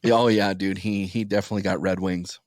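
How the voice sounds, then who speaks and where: A man's voice: low voice, steady tone, brisk, a crowd in the background. A man co-hosting a podcast, telling frank, easygoing stories in casual chat. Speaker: podcast co-host.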